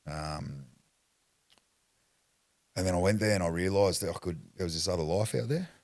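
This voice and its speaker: A man with an Australian accent and an extremely deep voice recounts his past in a blunt, rambling way, swearing freely. The sound is close and dry, with no room echo. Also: animated, normal speed, darkish tone. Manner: rambling, restarts sentences. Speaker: podcast guest. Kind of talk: candid personal storytelling.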